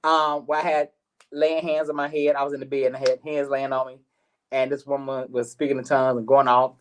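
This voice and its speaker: A middle-aged man hosting a live talk show, telling a personal story in an animated way, repeating words and acting out what others said. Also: mid-range voice, brisk, smooth. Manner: animated, repeats words, acts out quoted voices. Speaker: host.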